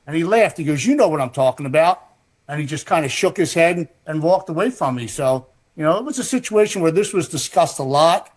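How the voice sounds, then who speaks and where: A man's voice: a little high, animated, a little fast. Matter-of-fact male ex-referee telling a story. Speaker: former basketball referee. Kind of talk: recorded interview clip.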